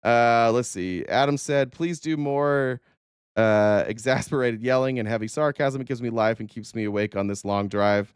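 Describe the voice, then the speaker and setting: A man hosting a political livestream, full of sarcasm and swearing as he rants and reads out viewer comments. His voice is smooth and resonant, a little worn, with a dry, close sound and no room echo. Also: mid-range voice, normal speed. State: voice a bit worn. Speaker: livestream host. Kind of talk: casual political livestream rant.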